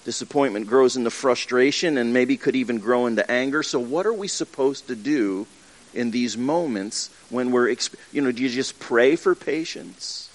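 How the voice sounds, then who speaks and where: A man's voice: mid-range voice, normal speed. A man preaching a sermon to his congregation in an earnest, conversational way, with frequent restarts and acted asides. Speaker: pastor. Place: church with livestream.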